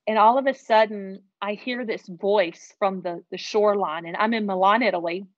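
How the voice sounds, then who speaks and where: A woman telling a heartfelt personal story as an interview guest, earnest and animated. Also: medium pitch, no echo, highs cut off.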